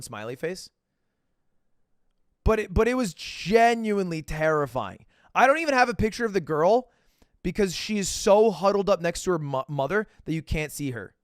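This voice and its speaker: A young man chats to his stream audience in a loose, animated storytelling voice, slightly high and swinging widely in pitch. The sound is close and dry, as from a desk mic at home. He slips into shrill put-on voices for the people in his story. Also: no room sound. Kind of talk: casual storytelling to chat.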